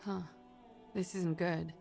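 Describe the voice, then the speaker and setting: A woman's voice: fairly low pitch, little pitch movement, slow, creaky, a little mellow, faint music behind. An actress voicing a wary, guarded young woman in video game dialogue who asks clipped questions. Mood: shaken.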